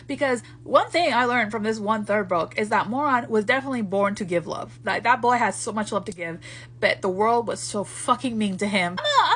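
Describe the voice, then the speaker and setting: A woman's voice: on the high side, breathy edge. A woman giving a casual book talk, ranting with lots of swearing as she reviews a novel. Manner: profane, animated ranting.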